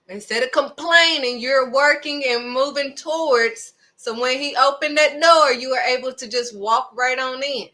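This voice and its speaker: A woman's voice: on the high side, a little slow, few pauses, sharp tone. A woman hosting a devotional video, preaching casually and emphatically, firing off rhetorical questions. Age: adult, raising children.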